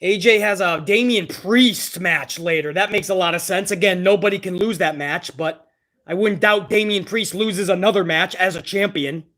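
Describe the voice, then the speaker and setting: A man hosting a live reaction stream, ranting with exasperated profanity over what he is watching. His voice is very high, and it sounds bright and forceful. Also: moderate pace.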